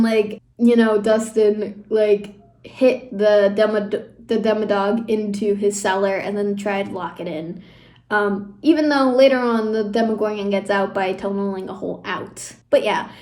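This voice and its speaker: A young woman with a slightly high voice talks casually to her viewers. She rambles in an emotional way and fills her speech with "like" and "you know." The recording picks up a roomy echo. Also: darkish tone. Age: young adult. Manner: rambling and emotional, with frequent fillers and laughs. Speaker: YouTuber. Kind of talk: casual fan commentary. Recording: echoey room.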